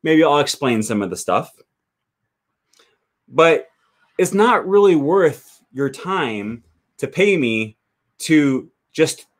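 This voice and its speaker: Casual male language tutor, mid pitch, loose and chatty, peppers his talk with "okay" and "um.". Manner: chatty, frequent "okay" and "um" fillers, thinks aloud. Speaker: language teacher and channel host. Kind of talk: casual livestream talk reading viewer comments.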